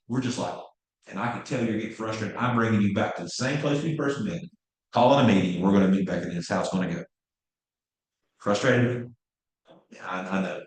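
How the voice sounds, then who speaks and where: A man in his fifties giving a passionate, blunt real estate training talk. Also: sits low. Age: 50s. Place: training room. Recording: very echoey room.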